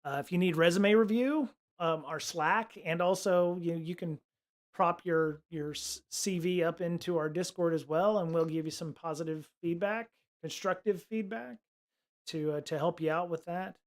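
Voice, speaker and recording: A man with a fairly high voice hosts a relaxed livestream and chats casually to his viewers. He rambles, restarts sentences and fills pauses with "um" and "uh". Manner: rambling, full of fillers and restarts. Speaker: livestream host.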